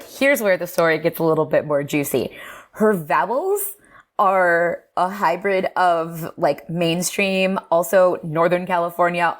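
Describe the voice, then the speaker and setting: Guest linguist, woman, lower voice, animated and laughing, casual explainer. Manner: lively, animated, laughs often, fillers like "um" and "like". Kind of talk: casual explanatory podcast talk.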